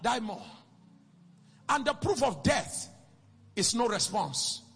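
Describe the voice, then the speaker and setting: Man, preacher, husky voice, very lively pitch, sing-song shouting delivery, long hall reverb. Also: slow. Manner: questions the congregation and repeats key phrases. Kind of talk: sermon. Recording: long reverb with faint music.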